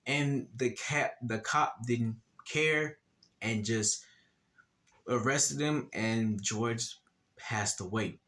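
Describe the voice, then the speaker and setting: A man giving casual gaming commentary, talking in a slow and deliberate way and often repeating words. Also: mid-range voice, sharp tone.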